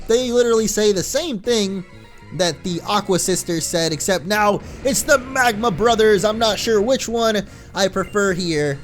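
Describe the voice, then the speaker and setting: A man hosting a let's play, giving casual gameplay commentary in a chatty, excitable way and laughing often. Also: sits high, moderate pace, soft background music.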